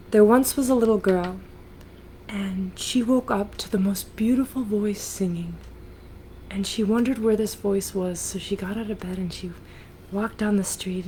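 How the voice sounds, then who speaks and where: A singer-songwriter woman telling a story on a livestream in a gentle, unhurried way with hesitant fillers, recorded on a laptop mic. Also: medium pitch, a little hiss or hum, low-quality recording. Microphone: laptop computer mic.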